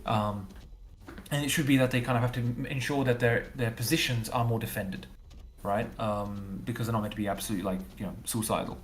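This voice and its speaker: A man's voice: mid-range voice, steady tone, fairly quick. Rambling man explaining on a livestream. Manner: thinks aloud, rambling with repeated fillers. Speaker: game developer. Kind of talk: casual livestream chat.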